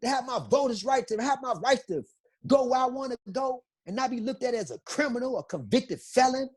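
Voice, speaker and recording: A man's voice: very high-pitched, animated, brisk, a little mellow. A middle-aged man, a guest on an interview podcast, telling his story in an emphatic, repetitive, impassioned way.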